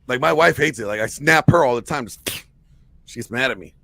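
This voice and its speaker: A man's voice: mid-range voice, lively intonation, moderate pace, creaky, bright, forceful tone, dry recording. A man on a video call, chatting in a crude, boastful, laughing way. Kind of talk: casual chat.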